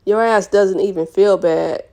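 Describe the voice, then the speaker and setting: A woman reading aloud, voicing a furious young woman who yells and curses at her boyfriend. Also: mid-range voice, unhurried, close to an everyday voice. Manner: yelling, cursing, heated.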